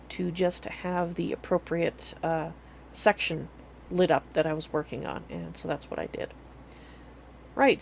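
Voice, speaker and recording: A woman's voice: lowish voice, a little mellow. Chatty woman streamer with faint hum. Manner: chatty, rambling with fillers and restarts. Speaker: game streamer giving a base tour. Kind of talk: casual livestream walkthrough.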